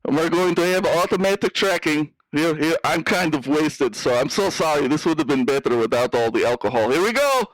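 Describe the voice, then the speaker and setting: A man doing a sloppy, drunk hacker caller with a put-on Russian-flavored accent, slurring through a brash, careless boast in a dry, close recording. His voice sits a little higher than most men's. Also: expressive, brisk, few pauses, no echo, lightly acted, low-quality recording. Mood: drunk bragging. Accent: put-on Russian-sounding. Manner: slurring, brash, says bro and dude. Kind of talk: improvised radio call-in comedy.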